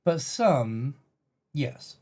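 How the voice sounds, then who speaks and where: A man trading crude jokes in casual banter. His pitch is mid-range but swings widely, which gives his joking an animated, bouncy sound. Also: very slow. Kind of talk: casual chat.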